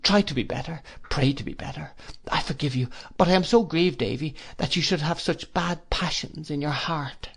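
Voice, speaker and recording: Man voicing a gentle, grieving young mother. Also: fairly high pitch, moderate pace, creaky, breathy edge, voice pushed up, heavily acted. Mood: grieved. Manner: sorrowful, reproachful.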